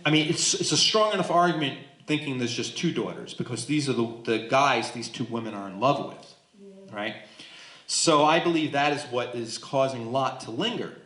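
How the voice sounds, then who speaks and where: Animated pastor teaching in an echoey room. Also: male voice, mid-range voice, moderate pace. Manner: animated, acts out voices, jokes with the group. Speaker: pastor leading Bible study. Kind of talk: Bible study teaching. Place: church hall with a small group.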